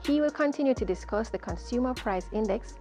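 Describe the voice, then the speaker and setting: A woman hosting an economic information segment, reading a script in a clear, measured way. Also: fairly high pitch, expressive, mellow, soft background music. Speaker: host of a central bank segment.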